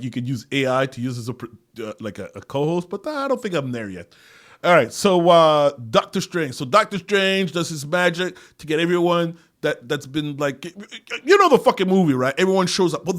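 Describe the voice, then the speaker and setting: A man hosting his own podcast alone, rambling and swearing, laughing often and losing his words, swinging between loud bursts and quiet mutters. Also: on the high side. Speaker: podcast host. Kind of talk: casual solo monologue.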